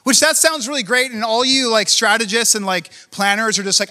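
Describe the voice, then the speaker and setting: With a steady tone and a brisk delivery, a pastor preaches passionately in a bright, high-pitched, edgy voice. His address to leaders is loose and conversational, packed with rhetorical questions, and a long reverb gives it the sound of a big hall.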